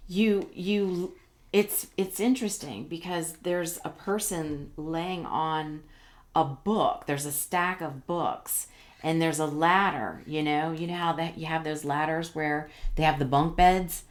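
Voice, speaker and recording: A woman's voice: sits low, slow. A middle-aged woman giving a casual tarot reading, rambling and reassuring with many fillers and restarts. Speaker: tarot reader.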